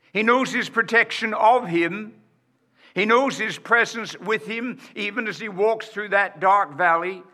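A man preaching a sermon in a slow, emphatic way, with dramatic pauses and rhetorical questions to the congregation. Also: high-pitched, sharp tone.

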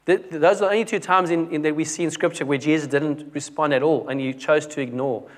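A man's voice: on the high side, fairly even intonation, fast. A young man preaching a conversational sermon, often dropping his voice to stress a point. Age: young adult. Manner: conversational, with restarts and dramatic drops in volume.

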